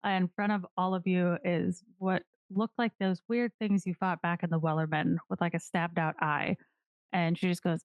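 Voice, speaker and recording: A woman's voice: lowish voice, steady tone, moderate pace, smooth, no echo. A woman narrating as game master in a tabletop game, rambling loosely with many fillers.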